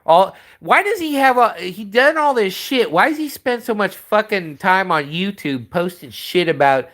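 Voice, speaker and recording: Profane rambling man, lively pitch. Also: normal speed, few pauses. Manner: profane, rambling, restarts often. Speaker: livestream host. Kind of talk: casual livestream rant.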